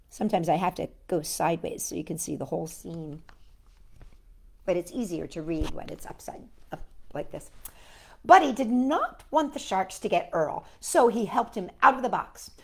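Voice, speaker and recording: A woman reading a picture book aloud to children in a gentle, animated storytelling manner. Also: medium pitch, vocal fry.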